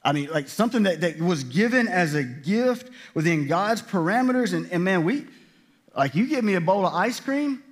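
A man with a high voice and lively intonation preaches at normal speed. His sermon feels like conversation, with frequent restarts and voiced-out quotes from God and from people.

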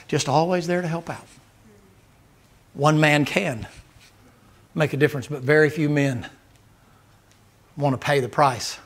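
A man's voice: a little high, a bit bright. A man preaching a sermon in a folksy, storytelling manner. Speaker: guest preacher.

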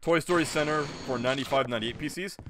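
A man's voice: fairly high pitch, quick pace, noisy background. A young man streaming a video game, rambling and joking with casual commentary, swearing and laughing often.

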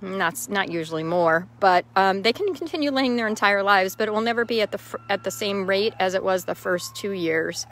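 A woman's voice: medium pitch, normal speed, few pauses, fairly bright tone. A woman hosting a casual live stream from her chicken yard outdoors, greeting viewers by name and answering their questions. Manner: chatty, reads out viewer names and answers questions. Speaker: host.

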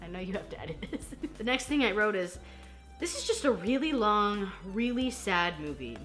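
A young woman chatting through a film recap, giggling and playing out the characters' lines herself. Her voice is bright and lively, swinging up and down in pitch. Faint music sits under it. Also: normal speed. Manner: chatty, giggly, self-deprecating, acts out quotes. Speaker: film reaction host. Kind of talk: casual movie recap chat.

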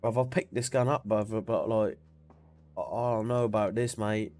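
A young man, chatting and swearing excitably with friends while streaming a game on a headset mic. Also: on the low side, moderate pace. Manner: swearing, laughing, excitable banter. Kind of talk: casual gaming chat with friends.

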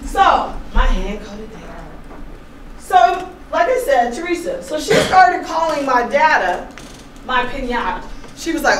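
A woman giving an informal seminar presentation to a room, chatty and animated, telling stories with laughs. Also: sits high, normal speed. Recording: roomy echo, distant mic, faint noise.

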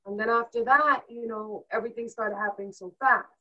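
A woman singer, a guest in an interview, telling her story in a casual, chatty way. She talks in a steady flow of fillers and acts out the people she quotes in lively voices. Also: on the high side, dull audio. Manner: chatty, fast-flowing with fillers.

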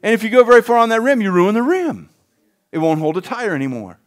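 Male pastor, higher-pitched voice, folksy sermon delivery with call-outs to the congregation. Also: very animated, fast talker. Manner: folksy, asks the congregation for responses.

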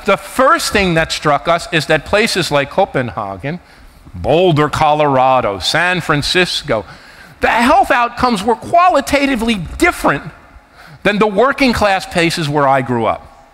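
Animated man in his fifties giving a keynote. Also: high voice, unhurried. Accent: New Jersey. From United States. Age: 50s. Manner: animated, anecdotal, emphatic. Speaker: conference keynote speaker. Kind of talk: keynote talk. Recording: reverberant hall.

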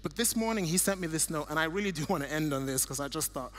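A middle-aged man from Nigeria speaks earnestly at a church event, walking through slides and personal stories. His voice sits fairly high for a man, and he often restarts a phrase before pressing on. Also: expressive, fast talker. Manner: earnest, warm storytelling with restarts. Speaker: guest speaker.

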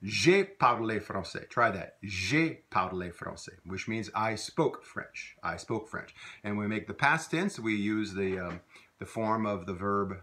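A man teaching a video language lesson, patiently repeating phrases slowly for learners to copy. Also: lowish voice, sharp tone.

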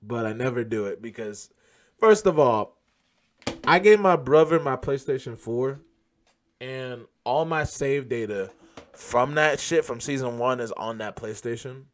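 A man hosting a gaming channel, chatting casually and yelling profanely at the game as he plays. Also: medium pitch, a little slow. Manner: loose, profane, laughs and yells at the game. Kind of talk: casual gameplay commentary.

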